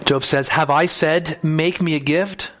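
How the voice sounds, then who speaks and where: Man, higher-pitched voice, expository sermon, reads verses then explains, lifts his voice when quoting. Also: fairly even intonation, unhurried, fairly bright tone. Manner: reads scripture aloud, then explains it in plain words; voices the speakers of the text in first person with rising emphasis. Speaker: preacher.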